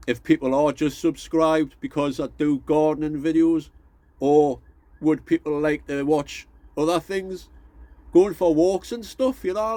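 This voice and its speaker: Man, casual vlog chat, rambling and hesitant, a touch high, dry sound. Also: mellow, no echo. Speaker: gardening channel vlogger.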